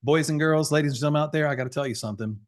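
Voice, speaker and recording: A man's voice: a little high, racing. A man around forty, coaching insurance sales over a video call in a folksy, fired-up, preachy way. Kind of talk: energetic webinar training talk.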